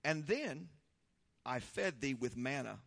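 A man preaching a sermon, leading prayer and praise with fervor, then reading scripture slowly and explaining it. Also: medium pitch, lively intonation, gravelly, big-room sound. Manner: fervent, shouting praise then slow deliberate teaching. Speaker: pastor.

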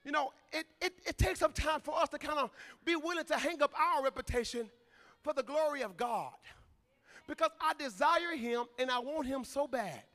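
A man preaching a sermon in a church, moving from quiet, slow talk to loud, shouted climaxes. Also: very high voice. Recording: long hall reverb.

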